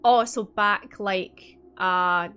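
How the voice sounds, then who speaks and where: A woman narrating as dungeon master for a tabletop game, relaxed and chatty with lots of fillers. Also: medium pitch, drawn-out words, clean tone. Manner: relaxed, filler-heavy narration with easy laughs. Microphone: streaming mic.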